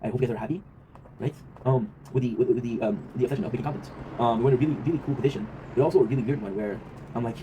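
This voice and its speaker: Rapid-talking man, rambling vlog monologue. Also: medium pitch. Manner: rambling, reflective, swears freely, often tags "right?". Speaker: vlog host. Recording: noisy ambient background.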